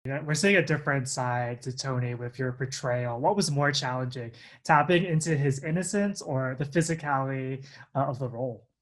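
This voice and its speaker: A male interviewer with a mid-range voice. He asks his questions in a steady, upbeat way. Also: mid-range voice, normal speed.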